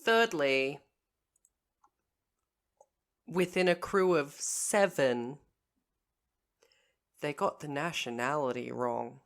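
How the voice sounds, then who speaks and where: A woman with a very low, deep voice takes her time, laying out a history story on a podcast. She counts off her points one by one and stops to fix her own slips, all in an easygoing chat. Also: slow, long pauses. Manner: recounts a history case point by point, correcting herself. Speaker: podcast co-host.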